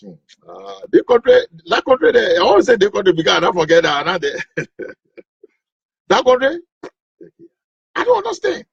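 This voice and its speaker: A male comedian, telling stories in an animated, rambling way. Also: high-pitched, moderate pace, gravelly, long pauses, breathy edge. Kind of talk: stand-up storytelling. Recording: dull lo-fi recording.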